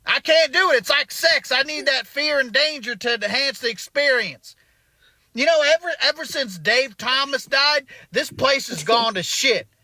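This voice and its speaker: A man's voice: very high voice, moderate pace, bright, forceful tone, no echo, exaggerated voice. A comedian playing an indignant man ranting about a restaurant. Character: angry Southern male restaurant regular. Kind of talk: comic monologue.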